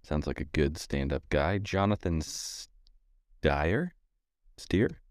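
A man co-hosting a casual podcast, cracking jokes while he reads out thanks to sponsors and patrons. His voice is very low but swings widely in pitch. The recording is dry and close. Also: sing-song, slow, dry recording. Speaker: podcast co-host.

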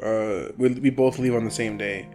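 A man's voice: lowish voice, steady tone, moderate pace, a little mellow, soft background music. A young man chatting casually, laid-back and slangy, laughing often as he tells stories. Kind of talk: casual chat.

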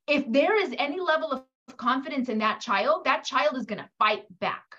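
A woman's voice: sits high, normal speed, muffled recording. A woman giving a coaching talk to mothers, addressing listeners directly and animatedly acting out quoted parents and kids. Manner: animated, acts out quoted voices.

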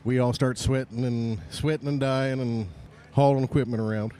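Dark-voiced, easygoing man outdoors. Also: medium pitch, fairly even intonation, normal speed, slight background noise. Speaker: musician and podcast co-host. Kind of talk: casual chat. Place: outdoor bar stage by the bay.

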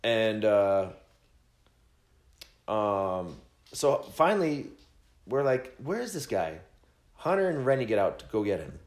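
A man casually telling a rambling, profane road-trip story, quoting friends with animated voices. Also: on the low side, takes it slowly, pauses often, roomy sound. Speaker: podcast host telling a story.

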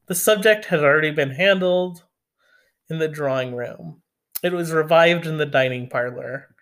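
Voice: mid-range voice, moderate pace, fairly bright tone. A reader narrating a classic novel aloud and breaking off for sardonic, casual jokes. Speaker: audiobook reader. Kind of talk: reading a classic novel with joking asides.

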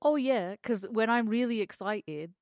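A woman's voice: on the high side, a little slow, dry recording, clean studio sound. A young woman and mother co-hosting a podcast in casual chat, reacting readily, laughing easily and swearing casually. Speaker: podcast co-host.

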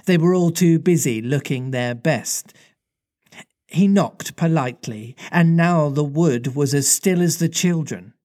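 A man's voice: on the high side, measured pace, a little mellow. A man reading a storybook aloud in a playful manner, breaking off for casual chat. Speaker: reader and co-host.

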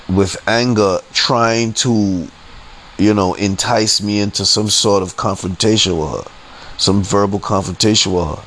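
A man's voice: fairly low pitch, fairly bright tone, a little hiss or hum, poor audio. A man telling a frustrating story in a heated, profane, repetitive rant on his podcast. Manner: heated, profane, repeats himself a lot. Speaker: podcast host.

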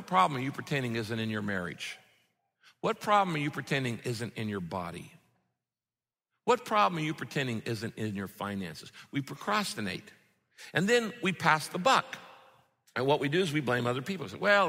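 Animated preacher man in a reverberant hall. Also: medium pitch, vocal fry. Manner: animated, acts out voices of the disciples. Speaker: pastor. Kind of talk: sermon.

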